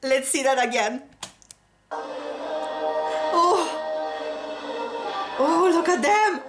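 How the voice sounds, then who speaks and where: A woman hosting a reaction video, gasping and exclaiming breathlessly with excitement. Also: high-pitched, very slow. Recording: roomy echo with music playing behind. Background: the reacted music video's music.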